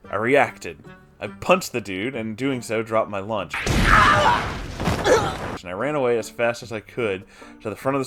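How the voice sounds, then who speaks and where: A man reading a first-person story aloud, breaking in with wry, swearing side comments. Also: lowish voice. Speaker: story reader.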